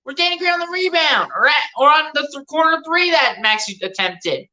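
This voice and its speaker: Bright-voiced woman doing fan play-by-play. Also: high-pitched, a little fast. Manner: animated trash-talking fan, laughs often. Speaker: fan streaming live play-by-play. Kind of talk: live play-by-play commentary. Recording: roomy echo.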